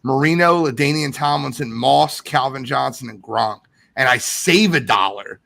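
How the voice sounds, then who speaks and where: Animated male podcast host, gravelly voice. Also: medium pitch, normal speed. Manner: animated, reads viewer comments aloud. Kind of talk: casual live podcast chat.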